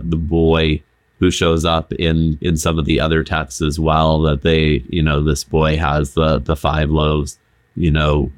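A man's voice: rumbling low, no echo, studio quality. A man, a pastor, explaining a scripture passage earnestly in a casual talk, with stammered starts.

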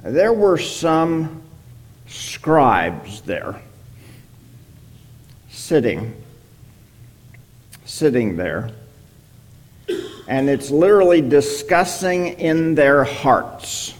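Slow, deliberate male Bible teacher. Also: a little high, very animated. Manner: slow, deliberate, checks in with "okay?".

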